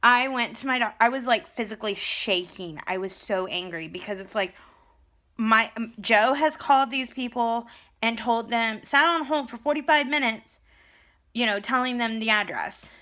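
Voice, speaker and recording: A young woman chatting casually to her camera in a vlog, telling a story in an animated way. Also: a little high, moderate pace. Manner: animated storytelling, retelling conversations. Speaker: vlogger. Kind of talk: casual chat.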